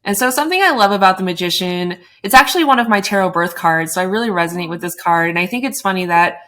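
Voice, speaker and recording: A woman hosting a podcast, talking about tarot in a reflective, measured way with frequent "like" and "you know". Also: lowish voice, animated, a bit bright. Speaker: podcast host. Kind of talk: casual spiritual conversation.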